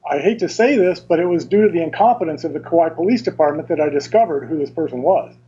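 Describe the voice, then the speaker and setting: Over dull, lo-fi remote audio, a male interview guest explains things carefully and in detail, often stopping and restarting. His voice sits on the high side and is expressive, with a dark, slightly rough tone.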